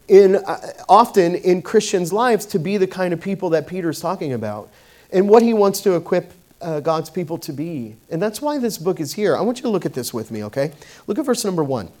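A man delivers a sermon in a relaxed, conversational way, leaning on fillers and restarting his sentences as he goes. His voice sits a bit on the higher side for a man. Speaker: pastor. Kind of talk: sermon with personal story.

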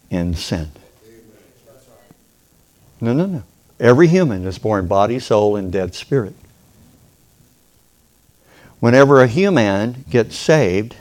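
A man's voice: on the low side, a little mellow. Folksy preacher man with drawl. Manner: folksy, playful, acts out voices and a "ding" sound; calls for amen from the congregation. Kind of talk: sermon.

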